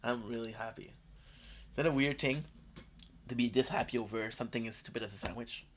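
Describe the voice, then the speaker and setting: A worn-out man chats through a late gaming live stream, rambling and restarting his sentences with plenty of fillers. He sounds like he is coming down with a cold, and his voice sits in an ordinary middle pitch. The stream audio is muffled and lo-fi. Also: brisk, heavy background noise. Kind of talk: casual live-stream chat.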